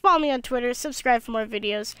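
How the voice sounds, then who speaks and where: A young woman narrates her own gameplay in a loose, worn-out way, half muttering to herself with a slight lisp. Her voice sits a little high and sounds smooth and clean through a gaming headset. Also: fast talker, fairly bright tone, no room sound. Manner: tired and cranky, mumbling asides to self. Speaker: gaming video creator. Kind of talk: casual gameplay commentary.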